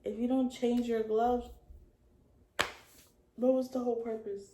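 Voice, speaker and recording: A young woman in her early twenties telling a casual storytime vlog, in slangy talk full of "like" that sometimes trails off soft. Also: a little high, little pitch movement, a little slow. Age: young adult. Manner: casual slangy talk with many likes, drifting soft at times. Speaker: vlogger. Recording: echoey room with faint ambient noise.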